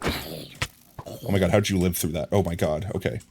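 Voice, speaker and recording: A man streaming a video game live, talking to himself in excited, frantic bursts as he plays. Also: sits low, normal speed, gravelly, noisy background. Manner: excitable, frantic, talks to himself while playing. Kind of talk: live gameplay commentary.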